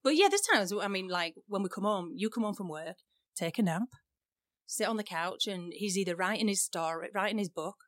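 A woman's voice: mid-range voice, animated, a little fast, no echo, clean studio sound. A middle-aged woman with an English accent, chatting and giggling as a podcast co-host, self-mocking. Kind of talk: casual chat.

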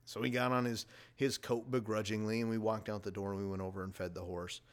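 A man's voice: on the low side, little pitch movement, fast talker. A middle-aged man hosting a casual podcast, rambling enthusiastically and jumping between topics as he reviews a movie. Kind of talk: casual chat.

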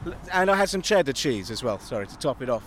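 A man's voice: mid-range voice, big pitch swings, quick pace, a little hiss or hum. A man with a London accent co-hosting a podcast, rambling playfully while out on a walk. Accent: London English. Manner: rambling, playful, silly wordplay. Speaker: podcast co-host. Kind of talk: casual banter on a walk. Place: outdoors on a common by roads.

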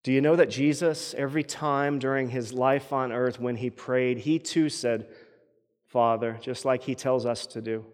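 A man's voice: mid-range voice, steady tone, moderate pace, few pauses, in a large hall. A man preaching a sermon as pastor, earnest and often repeating words as he builds each point.

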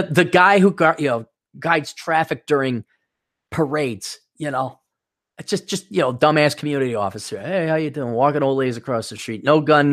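A man in his forties talks alone on his casual podcast, wandering from topic to topic with plenty of profanity. At times he lampoons people by adopting shrill, exaggerated voices.

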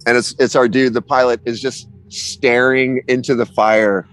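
A man in a casual chat, telling an animated story full of swearing and restarts. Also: medium pitch, normal speed.

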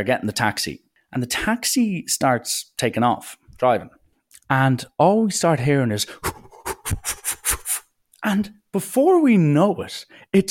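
In a loose, joking monologue, a young Irish-accented man tells meandering stories and keeps interrupting himself. He delivers them with animation, shifting pitch to perform quoted lines.

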